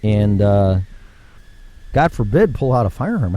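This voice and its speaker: A man hosting his own talk show delivers a blunt, profane solo rant in a lowish, warm voice with big pitch swings, a measured pace, and frequent pauses. He often repeats words and restarts sentences, and at times grows heated and emphatic.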